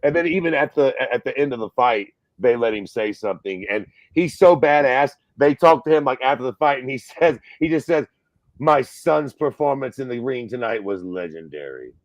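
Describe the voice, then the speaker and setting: A man's voice: medium pitch, brisk, few pauses, no room sound, highs cut off. Profane, ranting man on a dry mic. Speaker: podcast host. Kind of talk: casual chat.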